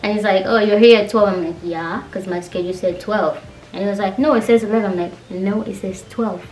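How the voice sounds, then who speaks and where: A young woman vlogging a casual storytime rant, animated and exasperated, acting out the quoted dialogue. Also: mid-range voice, recorded from a distance. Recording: roomy echo, voice away from the mic.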